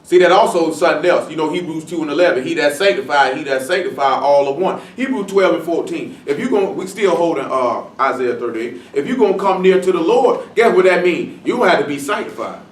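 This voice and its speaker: Male preacher, fairly high voice, blunt and slangy, rhetorical questions, roomy echo. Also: animated. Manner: slow, stressed reading of scripture. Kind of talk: Bible-study sermon. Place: congregation meeting room. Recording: echoey room from a distant mic.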